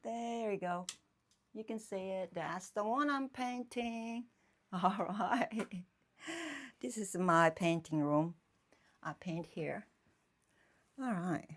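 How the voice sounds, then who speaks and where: A woman painter chatting casually on a live stream from her home painting room, thinking aloud in halting phrases and often checking in with her viewers. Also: medium pitch. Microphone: phone streaming live.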